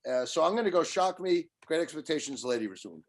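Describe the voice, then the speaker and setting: A man chatting casually as a guest, excited and repeating words as he starts his sentences. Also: on the high side, fast. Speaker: guest musician. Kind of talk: casual chat.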